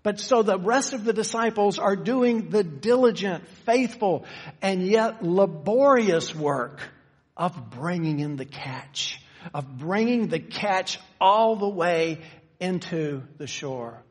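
A man preaching a sermon, teaching conversationally and shifting from slow, stressed phrases to quick asides. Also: high-pitched, lively intonation, slightly rough. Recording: long reverb of a church hall.

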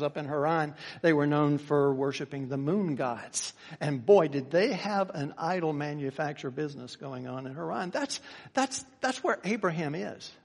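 A male pastor with a slightly high voice gives a sermon in a church, with long reverb trailing his words. He shifts from calm explaining to loud, driving emphasis. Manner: builds from quiet teaching to loud emphatic preaching. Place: church sanctuary.

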